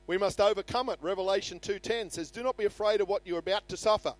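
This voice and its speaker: High-voiced male preacher, earnest. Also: fast talker, no room sound. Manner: earnest preaching, reads scripture aloud with rising emphasis. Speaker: pastor. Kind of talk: sermon. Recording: faint music behind.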